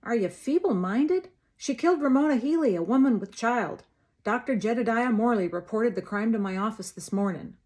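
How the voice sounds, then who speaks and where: A woman voicing a gruff, hostile frontier sheriff who speaks with open contempt. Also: fairly high pitch, lively intonation, moderate pace, a little mellow, natural voice. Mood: scornful. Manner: mocking, contemptuous, snarling.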